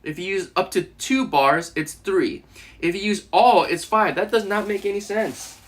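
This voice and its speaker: A man's voice: sits high, normal speed. A man hosting a casual live stream while eating, joking and laughing often with his chat.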